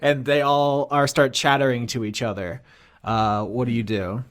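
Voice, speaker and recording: A man narrating a tabletop game as game master, animated with quick asides. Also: medium pitch, smooth.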